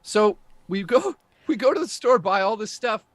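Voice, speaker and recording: Animated Canadian man telling stories. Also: sits high, normal speed, dry recording. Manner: animated storyteller, swears, laughs often. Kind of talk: casual livestream chat.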